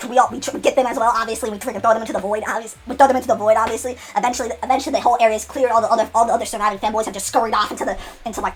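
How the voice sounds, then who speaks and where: A woman telling a long unscripted story, rambling in rapid bursts full of restarts and repeated "and then". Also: on the high side.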